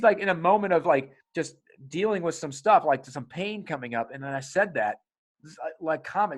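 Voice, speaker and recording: A podcast host with a fairly high male voice chats in a loose, energetic way. He swears freely and jumps into acted-out quotes of other people. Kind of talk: casual conversation.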